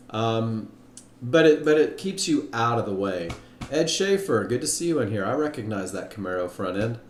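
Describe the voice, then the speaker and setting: A man leading a live online trading class, upbeat and chatty, greeting viewers by name. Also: medium pitch. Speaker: trading instructor. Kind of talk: live webinar teaching. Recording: roomy echo.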